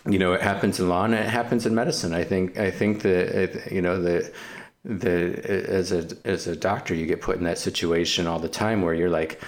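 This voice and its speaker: A man with a very low voice talks through a film in a relaxed podcast chat. He circles his point with many restarts and "you know"s, thinking aloud as he goes. He speaks as a doctor reflecting on hard choices. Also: moderate pace, hardly any pauses. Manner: reflective, winding sentences full of restarts. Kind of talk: casual film discussion.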